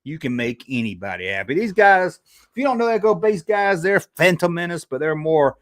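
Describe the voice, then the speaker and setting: With a fairly high voice at an ordinary pace, a man hosts a casual YouTube livestream where he reads the live chat and jokes. He yawns occasionally, clearly sleepy. He comes across as chatty and playful, retelling things in an animated way.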